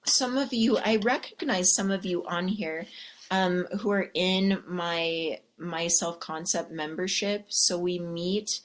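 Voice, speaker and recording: Sassy lady coach hyping up her viewers, swears a lot, talks nice and slow. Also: fairly low pitch. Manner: sassy, teasing, profane, keeps asking "okay?". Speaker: love and life coach. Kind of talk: live-streamed pep talk to viewers.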